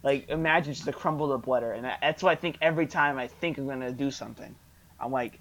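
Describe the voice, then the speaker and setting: A man's voice: medium pitch, fast. A young man co-hosting a podcast, telling a story in casual chat and acting out the dialogue. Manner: animated storyteller, acts out dialogue. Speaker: podcast co-host. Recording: dull lo-fi podcast audio.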